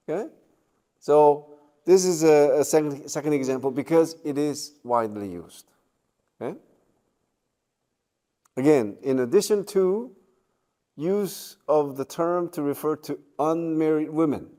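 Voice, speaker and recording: A man giving a university lecture, checking in with the class and pausing on fillers. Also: a little high, mellow. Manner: slow, with many fillers and checking questions. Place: lecture room.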